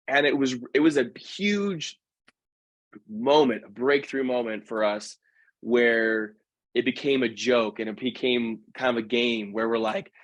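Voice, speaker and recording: A man tells stories as a podcast guest, lively and relaxed, restarting phrases as he goes. His voice is in the middle of the male range, and the recording is close and dry. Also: medium pitch, no room sound. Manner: animated, acts out quoted voices, quick self-corrections. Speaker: guest, professional dancer. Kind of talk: casual storytelling in a podcast conversation.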